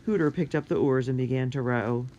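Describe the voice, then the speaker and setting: A narrator reading a children's adventure book in a clear, steady way. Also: mid-range voice, fairly quick, dull audio, slight background noise.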